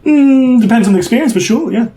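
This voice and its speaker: A man's voice: extremely high pitch, animated, fast talker, voice pushed up. A man voicing a flamboyant, flirtatious male shopkeeper who talks in a showy, sing-song way.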